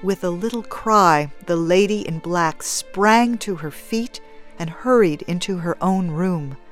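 A woman narrating a story in a measured, even storytelling manner. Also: on the low side, faint music behind.

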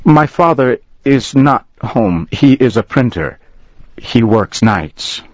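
A man's voice: medium pitch, animated, slow, dry recording, muffled recording, pitched above the performer's own voice. A man voicing a young male store clerk who answers in a defensive, indignant way.

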